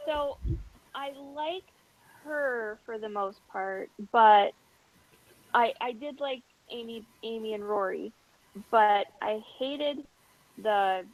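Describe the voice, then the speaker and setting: A woman with a slightly high voice in a loose podcast chat. She talks slowly and haltingly, often searching for her words. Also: no room sound, rough recording.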